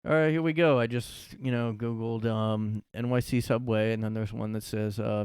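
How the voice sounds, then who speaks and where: A man's voice: medium pitch, fairly even intonation, moderate pace, hardly any pauses, a little mellow, clean tone, no echo, clean studio sound. A young man hosting a casual solo podcast from his room, rambling sarcastically and swearing often. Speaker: podcast host.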